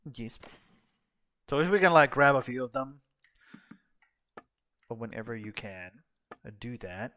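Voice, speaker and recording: A young man with a mid-range voice comments on his gameplay at a measured pace, leaving long pauses. The gaming channel host is laid-back and casual, sometimes cursing and letting sentences trail off, against steady background noise.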